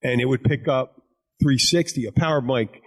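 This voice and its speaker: A man's voice: mid-range voice, normal speed. Rambling bartender man telling crude stories. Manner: rambling storyteller, crude jokes, many restarts. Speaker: podcast host and bartender. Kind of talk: casual chat.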